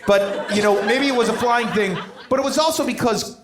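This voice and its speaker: A man's voice: very high voice, brisk, a crowd in the background. A man as a guest on a live comedic podcast, playful and joking, recorded on an echoey stage with an audience.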